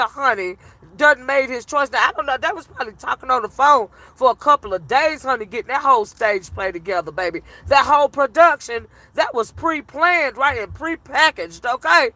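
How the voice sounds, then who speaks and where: A woman giving animated, laughter-filled reaction commentary to her livestream chat, teasing and petty. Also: high-pitched, no echo.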